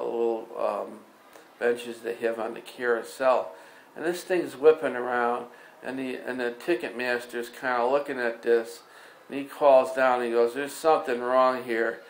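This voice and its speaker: Male storyteller, mid pitch, casual rambling delivery, echoey room. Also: gravelly. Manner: rambling, many fillers and restarts. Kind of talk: improvised spoken story. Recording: echoey room with faint ambience.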